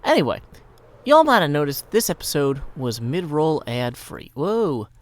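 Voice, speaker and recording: A man's voice: fairly high pitch, very animated, unhurried. A man from Tennessee, chatting playfully and wordily over a Minecraft game, with theatrical asides. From Tennessee, USA. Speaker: Minecraft YouTuber. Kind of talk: casual gameplay commentary.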